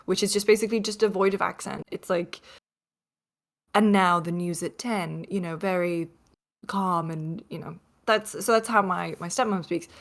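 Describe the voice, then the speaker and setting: A young woman with a softened British accent, chatting on a podcast over a video call. She tells a story in a loose, rambling way, full of fillers and restarts. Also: on the low side, moderate pace. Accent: softened British English. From northeast England. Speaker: podcast guest. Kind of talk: casual chat.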